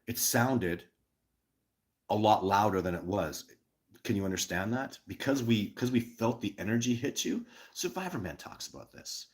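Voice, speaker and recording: A man hosting a live stream, answering chat questions in an excitable, emphatic way, repeating words and restarting sentences, with loud bursts on sudden words. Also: sits low. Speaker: host of a live show.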